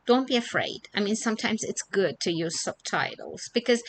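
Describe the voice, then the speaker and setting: Woman English teacher, bright tone, unhurried, casual filler-heavy delivery. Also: mid-range voice, slight background noise. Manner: chatty, repeats herself, many fillers.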